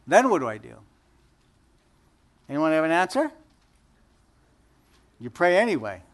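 A man's voice: fairly high pitch, sing-song, measured pace. A middle-aged man preaching a conversational sermon, joking and asking the audience questions. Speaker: pastor.

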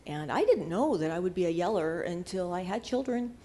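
A woman's voice: fairly low pitch, animated, fairly quick, mellow. An older woman giving casual marriage advice in an earnest, conversational way, at times searching for words. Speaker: marriage teacher.

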